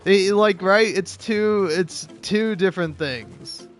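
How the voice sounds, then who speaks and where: A man's voice: high voice, slow. Rambling, profane man over game music. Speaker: gaming YouTuber. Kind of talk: casual let's-play commentary.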